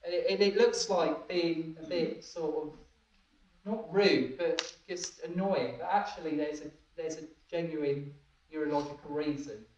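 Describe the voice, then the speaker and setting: A man's voice: a little high, steady tone, measured pace, a little mellow. Man training a group in an echoey room. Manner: keeps asking listeners if they follow, laughs often. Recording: echoey room, distant dull mic.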